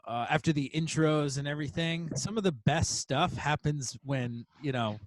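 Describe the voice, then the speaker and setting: A man hosting a casual podcast chat over a remote call, animated, laughing often and using many fillers. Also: on the high side, moderate pace, slight background noise. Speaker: podcast host.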